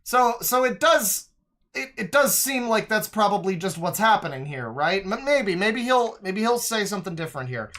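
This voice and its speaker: A man's voice: high voice, sing-song, moderate pace, a bit bright. A man reacting to a clip on a live stream with sarcastic, profane asides. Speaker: stream commentator.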